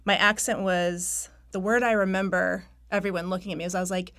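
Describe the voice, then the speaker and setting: A woman's voice: medium pitch, flat delivery, fairly quick, a bit bright. A woman from North Carolina who has lost her accent, a novelist telling stories in a candid, self-deprecating radio interview and laughing often. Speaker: novelist guest.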